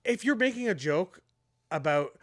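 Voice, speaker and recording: A man co-hosting a casual podcast, halting and full of fillers, often second-guessing himself mid-sentence. His voice is a little high and recorded dry, with no room sound. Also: sing-song, fairly bright tone, no echo. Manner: halting, lots of fillers and questioning asides. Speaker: podcast co-host. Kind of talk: casual chat.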